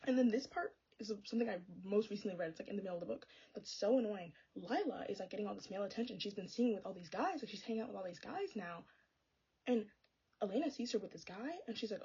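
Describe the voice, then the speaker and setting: A woman's voice: mid-range voice, expressive, fast talker, darkish tone, slightly rough, lo-fi sound. A young woman ranting about a book in a sassy, exasperated, casual vlog style. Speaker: book vlogger. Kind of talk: casual chatty book review.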